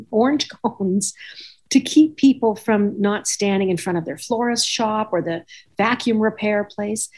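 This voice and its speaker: A woman's voice: mid-range voice, a little mellow. A woman hosting a podcast, telling rambling anecdotes in casual chat and acting out the dialogue. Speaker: podcast host.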